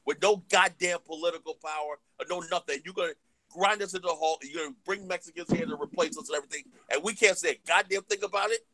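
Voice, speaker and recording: Male host, rapid heated ranter, leans on filler catchphrases; slightly high voice, dry sound. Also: sharp tone. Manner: fiery, repeats "you know what I'm saying" and "yep". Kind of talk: heated casual live-stream discussion.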